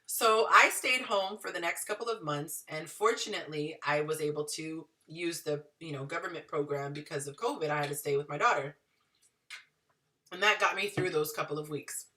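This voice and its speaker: A woman in her thirties telling her story to viewers in a chatty, animated way. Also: low-pitched, moderate pace, far from the mic. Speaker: dating and relationship advice vlogger.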